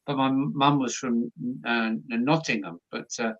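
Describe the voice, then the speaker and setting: A man's voice: mid-range voice, fairly even intonation, moderate pace, a bit bright, muffled recording. A man from Dover with a Kent accent, chatting casually on a live stream while he paints, rambling and chuckling with plenty of fillers. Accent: Kent English. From Dover, Kent, England.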